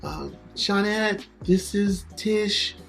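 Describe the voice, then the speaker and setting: A man's voice: high-pitched, very slow, gravelly, fairly bright tone, faint music behind, voice pushed up, heavily acted. A man voicing a famous female pop singer who cheerfully introduces her band and dancers. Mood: breezy.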